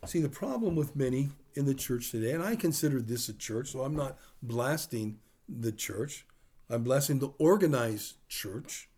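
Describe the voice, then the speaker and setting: A man's voice: medium pitch, animated, moderate pace, a little mellow, husky. A man preaching a sermon in a conversational, storytelling way, acting out the dialogue of the people in his stories. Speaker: pastor.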